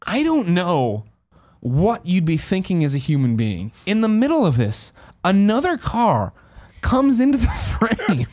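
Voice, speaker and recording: A man's voice: sits high, a little mellow. A man in his thirties from the American Midwest, a podcast host telling a comic story with lots of laughing and swearing.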